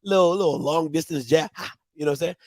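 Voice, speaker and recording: A man hosting a show in casual commentary, animated and full of repeated catchphrases. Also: on the high side, fast talker, no room sound. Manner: animated, repeats catchphrases, bursts into loud laughter. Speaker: show host.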